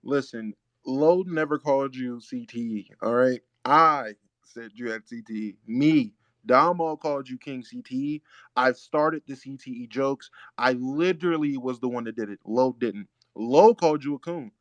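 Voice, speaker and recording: A man's voice: medium pitch, moderate pace, dry recording, dull audio. A man hosting a live audio chat room, blunt, profane and confrontational in a heated argument.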